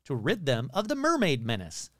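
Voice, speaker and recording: A man's voice: mid-range voice, huge pitch swings, normal speed, a bit bright, no room sound. A man hosting a casual podcast, telling stories with swearing and sarcastic, skeptical asides into a close mic. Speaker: podcast host.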